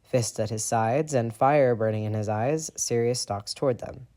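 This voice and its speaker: A man narrating a fan fiction audiobook in an expressive, steady storytelling voice. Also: mid-range voice, moderate pace. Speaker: audiobook reader.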